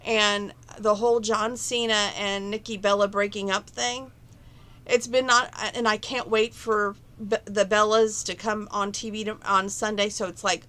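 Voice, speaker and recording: A woman's voice: mid-range voice, little pitch movement, measured pace, a bit bright. A woman chatting to camera from her bedroom at home, rambling and opinionated about relationships and her plans. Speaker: vlogger. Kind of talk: casual chat to camera.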